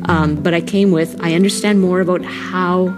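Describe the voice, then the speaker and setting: A woman's voice: lowish voice, steady tone, moderate pace, music in the background. A woman in a reflective conversation, thinking aloud and searching for her words, checking in with her listener. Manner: thoughtful, searching for words, asks "right?".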